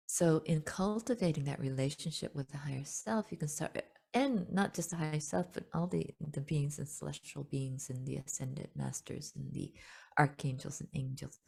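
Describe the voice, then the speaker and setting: A woman teaching as a spiritual guide in a chatty, gentle way, laughing often and restarting her sentences. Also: low voice, gravelly. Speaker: spiritual teacher hosting a webinar. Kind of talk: casual spoken teaching.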